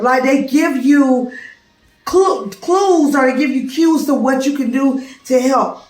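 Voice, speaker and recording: A woman preschool teacher talks through a class presentation in a relaxed, conversational manner. Her voice sits a little high and comes from some distance off the mic, in a room with echo. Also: slow. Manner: informal, conversational explaining.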